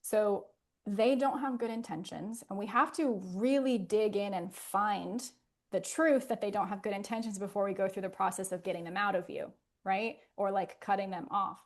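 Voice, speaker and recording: A woman therapist in a podcast interview, explaining in an earnest, gentle way and often softening to a soothing hush. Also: medium pitch, fairly even intonation, moderate pace.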